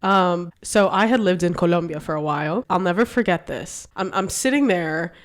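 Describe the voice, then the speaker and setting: A young American woman with a fairly low voice, co-hosting a casual podcast. She tells stories with lively energy and drops swear words without a second thought. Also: moderate pace. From United States. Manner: animated storyteller, swears freely. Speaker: podcast co-host. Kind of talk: casual chat.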